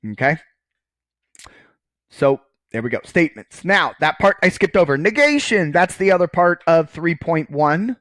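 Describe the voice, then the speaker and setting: A man's voice: on the high side, animated, a little slow, a bit bright, dry recording. A man giving a recorded math lecture, casual and joking, often checking in with "okay" while writing on screen. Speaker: college math professor.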